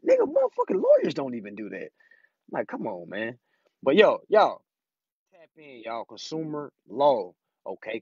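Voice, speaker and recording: A man's voice: mid-range voice, no echo. A man teaching consumer law in a casual, profane, emphatic monologue, saying "you know what I'm saying" over and over. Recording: dry, slightly dull lo-fi recording.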